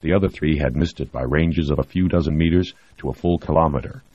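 A man reading a novel aloud in a steady, measured scripted narration. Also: very deep voice, dry recording. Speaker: audiobook narrator. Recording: dry, dull lo-fi recording.

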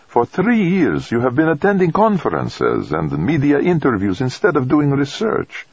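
Male narrator voicing an older Italian priest, soft, patient, husky, very lively pitch. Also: moderate pace, no room sound, lo-fi sound, heavily acted. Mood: gentle. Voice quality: soft, gentle.

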